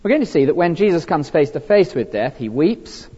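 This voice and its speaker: Earnest preacher in echoey hall. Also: male voice, on the high side, brisk, breathy edge. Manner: earnest, animated, with frequent fillers and restarts. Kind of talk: sermon. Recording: dull, lo-fi recording with long hall reverb.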